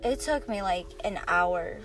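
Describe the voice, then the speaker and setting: A woman's voice: lowish voice, lively intonation, measured pace, music in the background. A young woman guest on a podcast, telling stories in laid-back slangy chat. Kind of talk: casual chat.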